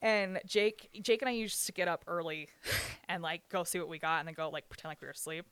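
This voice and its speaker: A woman's voice: fairly low pitch, fairly even intonation, fairly quick, fairly bright tone, clean tone, no room sound. A young woman telling an emotional personal story in candid conversation, swearing freely and laughing through the pain.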